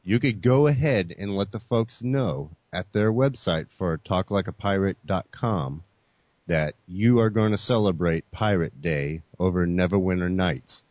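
A man's voice: sits low, unhurried, darkish tone, no echo. A man hosting a gaming podcast in casual chat, laid-back, calling listeners "folks" and leaning on "you know". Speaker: podcast host.

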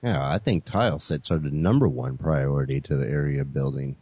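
A man with a very deep voice hosts a podcast in an easygoing, conversational way. He talks to listeners as folks and fills his sentences with "you know". The sound is dry and close. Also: normal speed, mellow, breathy edge, no echo, lo-fi sound. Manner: laid-back, addresses listeners as folks, many "you know" fillers. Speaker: podcast host. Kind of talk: casual chat.

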